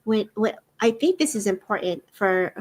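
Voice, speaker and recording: A woman giving a psychic reading on a live stream over a video call, feeling her way with halting starts and restarts. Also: medium pitch, animated, darkish tone. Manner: halting, searching delivery with many restarts. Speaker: psychic medium.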